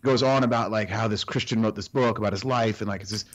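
A man's voice: lowish voice, steady tone, fast talker, highs cut off. A man co-hosting a casual podcast conversation about the Bible, telling anecdotes and acting out what other people said. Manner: tells anecdotes and acts out other people in quotes. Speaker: co-host.

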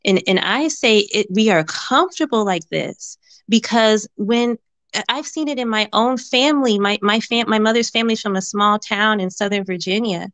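A woman's voice: mid-range voice, normal speed, a bit bright, no room sound. A woman calling in to a talk show, speaking earnestly and repeating words as she works out her point. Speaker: caller. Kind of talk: call-in conversation.

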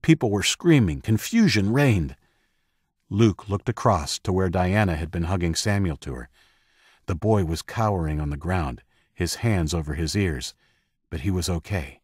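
A man narrating an audiobook in a steady, measured way on a close microphone. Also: deep voice, husky, no room sound. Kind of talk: scripted narration.

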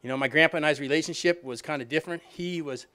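A man's voice: on the high side, fast talker, sharp tone. A middle-aged man giving a rambling, self-deprecating recovery talk, peppered with "you know what I mean.". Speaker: alumni reunion speaker.

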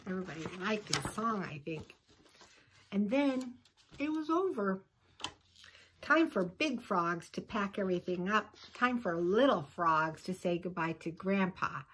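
A woman's voice: medium pitch, animated, measured pace, fairly bright tone, slight background noise, low-quality recording. A woman, a teacher, reading a picture book aloud to children and chatting with them about the pictures. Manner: chatty asides to young listeners.

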